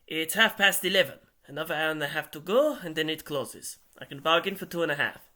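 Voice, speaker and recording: A man voicing a brisk, bossy, well-off man giving orders over dinner. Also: a little high, animated, bright, forceful tone. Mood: commanding. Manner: brisk, commanding.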